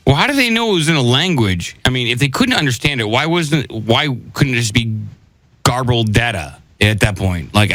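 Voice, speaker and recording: A man's voice: fairly low pitch, a bit bright, dry recording, rough recording. A man hosting a comedy podcast, chatting casually and poking skeptical fun at headlines. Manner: skeptical, joking, sometimes puts on a stiff robot voice. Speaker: podcast host.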